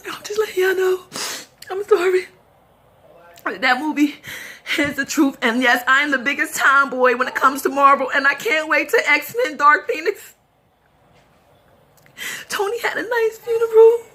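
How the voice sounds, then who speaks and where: A woman vlogging a casual, emotional film review, tearful and rambling excitedly as a fan while crying. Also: high voice, moderate pace. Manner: tearful, talks through sobs and laughs.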